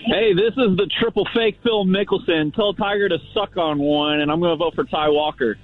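A man's voice: high-pitched, fairly even intonation, normal speed, no echo, faint music behind. A man calling in with an impression of a famous male golfer, trash-talking a rival. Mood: cocky. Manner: cocky trash talk. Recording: tinny phone line.

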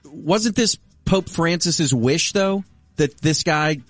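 A man's voice: a little high, takes it slowly, no room sound, soft background music. A man co-hosting a radio talk show, joking and teasing in casual banter. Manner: jokey, teasing, leads the segment.

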